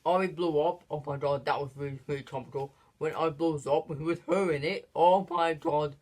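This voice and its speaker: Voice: medium pitch, steady tone, normal speed, darkish tone. Casual movie review vlog, rambling host, lots of ums and restarts, frequent giggles. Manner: rambling, with many fillers and restarts; giggles often between phrases.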